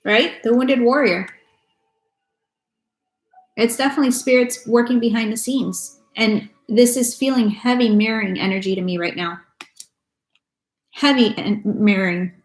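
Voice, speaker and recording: A woman's voice: on the high side, measured pace, pauses often. A woman giving a casual tarot reading to her viewers, talking bluntly and with a lot of swearing. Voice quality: blunt and profane. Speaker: tarot reader. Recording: echoey room with faint music.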